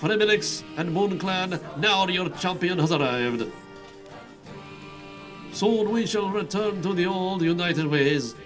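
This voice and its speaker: Grand returning hero in a game, read aloud by a man; formal, proclamation-style delivery, high voice, faint music. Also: lively intonation, takes it slowly. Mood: proclaiming. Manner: solemn, formal speech-giving. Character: returning legendary male hero, grand and commanding.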